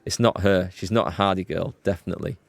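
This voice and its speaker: A man with a lowish voice narrates a let's play, reading the game's text aloud. He drops in wry, casual asides between the lines. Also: steady tone, fast, creaky. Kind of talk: reading game dialogue and commentary.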